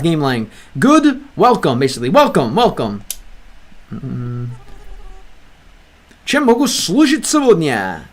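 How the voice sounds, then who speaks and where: A man's voice: high-pitched, fairly bright tone. A man giving casual commentary while playing a game, chatty and full of restarts, reading lines aloud and translating them. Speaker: language-learning gaming creator.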